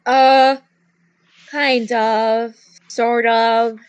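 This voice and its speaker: A woman's voice: on the high side, little pitch movement, very slow, clear, resonant tone. A woman co-hosting a let's play, answering with dry, short quips in casual chat. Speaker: co-host.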